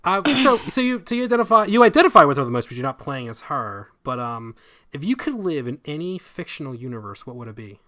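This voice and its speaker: Guy hosting a stream chat, bright voice, pitch jumps all over, keeps tripping on words. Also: fast talker. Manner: animated, self-deprecating, stumbles over words. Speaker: show host. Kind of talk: casual chat. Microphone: streaming mic.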